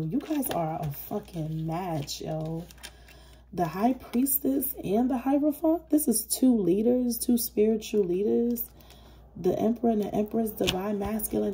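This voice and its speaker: A woman giving a casual tarot reading in a blunt, animated way, swearing freely. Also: mid-range voice, noisy background. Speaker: tarot reader.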